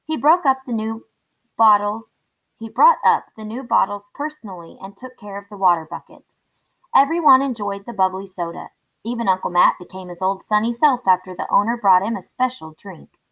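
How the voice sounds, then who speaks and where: Woman, read-aloud, children's chapter book, clear, steady storytelling. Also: medium pitch, a little fast, rough recording.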